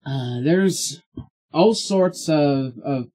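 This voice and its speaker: A man's voice: on the high side, extremely slow, dark tone, rough recording. A man running a tabletop game as game master, casual and hedging.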